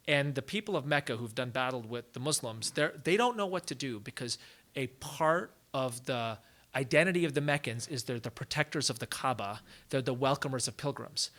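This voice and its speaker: A man from the United States giving a public lecture at a college, telling a story in a casual, animated way with frequent "like" asides. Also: mid-range voice. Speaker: guest lecturer.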